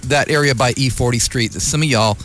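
A man's voice: medium pitch, fairly quick, fairly bright tone, faint music behind. A man hosting community radio in a casual, rambling, joking monologue, from the North Bay of California. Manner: rambling, joking, mocking voices of others.

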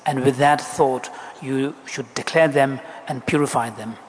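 A man interpreting a Buddhist teaching into English, explaining in a measured, deliberate way. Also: mid-range voice, steady tone. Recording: echoey hall, faint background noise.

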